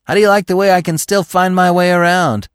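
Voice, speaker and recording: A cheerful young buck brags in a lively, swinging voice, as a male narrator plays him. The storybook character sounds pleased with himself. His voice sits low and close in a dry recording. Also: a little slow, no echo. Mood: earnest. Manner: boastful, lively.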